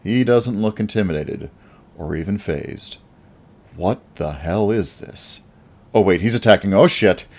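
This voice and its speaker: A man reads a first-person action story aloud with a wry, lively storyteller's delivery. His voice is very low and sits deep in the chest. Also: measured pace, creaky. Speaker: audiobook narrator. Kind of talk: first-person audiobook narration.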